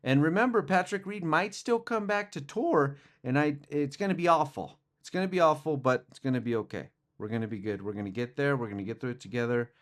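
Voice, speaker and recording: A man's voice: on the high side, fairly quick, hardly any pauses. A young man hosting a podcast, talking through sports news in a rambling, casual way with lots of fillers and restarts. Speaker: podcast host.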